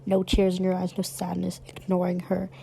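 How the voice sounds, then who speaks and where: A woman's voice: on the low side, completely flat delivery, moderate pace, vocal fry, dark tone, a little hiss or hum. A woman co-hosting a podcast, talking earnestly and supportively in casual chat. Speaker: podcast co-host.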